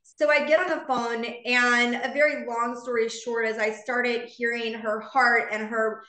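A woman's voice: a little high, little pitch movement, a little slow, bright, forceful tone, roomy sound. A woman in her fifties telling an earnest, heartfelt personal story to a live online audience. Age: 50s. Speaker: founder speaking to her business community.

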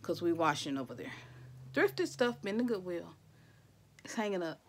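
A woman from Tennessee, chatting casually to camera, folksy and effusive, calling viewers y'all and honey and dropping into soft whispers. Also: on the low side, sing-song, normal speed. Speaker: vlogger showing gifts.

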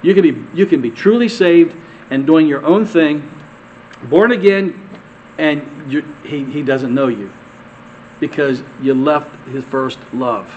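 A male pastor preaching a conversational sermon, asking the congregation questions and repeating words, swinging from emphatic peaks to quiet asides. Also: fairly high pitch, lo-fi sound, a little hiss or hum.

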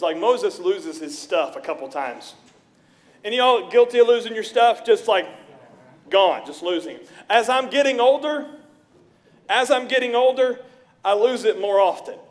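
A middle-aged male pastor preaching in a church, with a fairly high voice. He tells stories in an animated way and acts out the people he quotes. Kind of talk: sermon. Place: church sanctuary.

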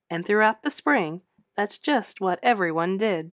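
A woman teacher reading a children's picture book aloud in an expressive, sing-song storytelling voice, close to the mic. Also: mid-range voice, measured pace, dry recording.

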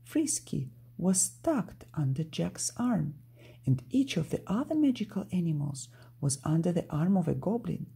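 Lady reading a kids book out loud, slow and expressive, lowish dark voice. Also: creaky, breathy edge. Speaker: storyteller reading to children. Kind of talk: children's read-aloud narration.

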